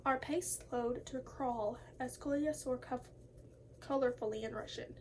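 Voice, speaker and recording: A woman's voice: high voice, normal speed, darkish tone, a little hiss or hum, rough recording. A young woman reading horror posts aloud and chatting with a friend, giggly and loose. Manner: giggly, chatty, reads unevenly. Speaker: video co-host.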